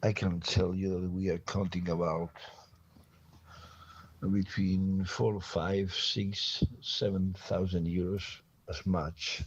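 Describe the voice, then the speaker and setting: A tired, sick-sounding man leaves a long, halting voice message. His voice is low, husky and gravelly, and he speaks very slowly. The sound is dull and muffled, like a phone voice note. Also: little pitch movement, no room sound, exaggerated voice. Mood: weary. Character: man leaving a rambling voice note, claims to be sick.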